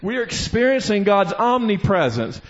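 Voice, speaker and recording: Man, sermon, impassioned preaching, high voice, muffled recording. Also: sing-song, moderate pace. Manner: impassioned preaching, building to shouts. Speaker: pastor.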